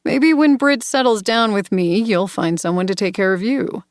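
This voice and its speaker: A woman voicing a smooth, edgy young man. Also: medium pitch, expressive, normal speed, dry recording, clean studio sound, lightly acted.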